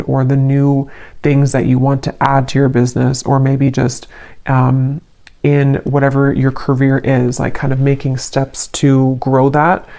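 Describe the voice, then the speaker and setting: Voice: medium pitch, a little mellow. A tarot reader giving an intuitive reading straight to the listener, searching for words with fillers and restarts while offering reassurance. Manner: reassuring, addressing listeners directly.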